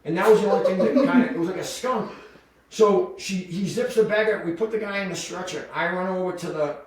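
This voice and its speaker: Male podcast guest, animated storyteller, voice a little high, off-mic in a very echoey room. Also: fairly quick, recorded from a distance. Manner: animated, full of "like" fillers and voiced quotes. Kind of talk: casual storytelling.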